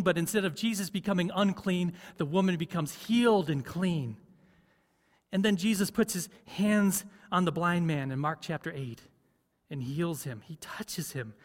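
A man's voice: a little high, long reverb tail. A man preaching a sermon as pastor, conversational, often asking the congregation questions. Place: church.

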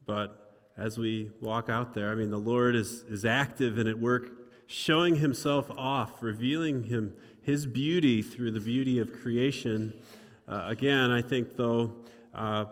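A pastor giving a sermon in a conversational way, repeating words and building to animated emphasis. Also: male voice, medium pitch. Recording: long reverb of a large room.

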